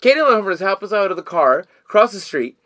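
A man's voice: high-pitched, very animated, fast, sharp tone. A man telling rambling, profane stories as a guest in a casual podcast studio chat, full of restarts and quoted asides.

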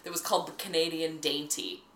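A woman co-hosting a casual chat podcast, animated and swearing freely, with bursts of jokey posh voices. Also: low-pitched, brisk, echoey room, a little hiss or hum. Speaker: podcast co-host.

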